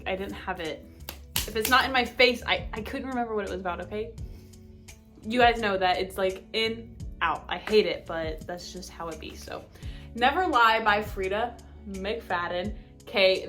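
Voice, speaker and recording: Bubbly young woman gushing over books. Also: medium pitch. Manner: bubbly, gushing, full of fillers; speeds up when excited. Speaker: book vlogger. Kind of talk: casual chat.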